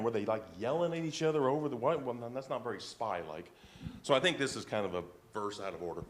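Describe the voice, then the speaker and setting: A man delivers a sermon in an easy, conversational manner. He drops casual asides to his listeners, then drives his points home through emphatic repetition. His voice sits at a mid pitch. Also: animated, quick pace. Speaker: pastor.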